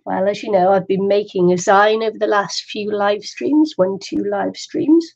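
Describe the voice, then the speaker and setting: A woman's voice: medium pitch, moderate pace, gravelly, a little mellow. A middle-aged woman chatting casually on a craft live stream, laughing often and talking to herself. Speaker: craft livestream host. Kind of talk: chatty live stream while waiting for viewers. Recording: dull lo-fi live stream audio.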